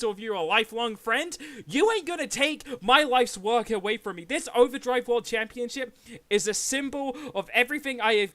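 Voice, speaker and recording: A man's voice: very high-pitched, bright, forceful tone. A man in character as a wrestling champion, talking trash in a brash, boastful way. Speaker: wrestler persona in a press conference roleplay.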